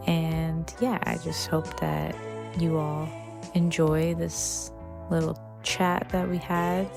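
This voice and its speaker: Slow, gravelly woman director over music. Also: sits low, level tone. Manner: rambling, grateful, with fillers. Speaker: film director introducing a podcast. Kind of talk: casual spoken introduction.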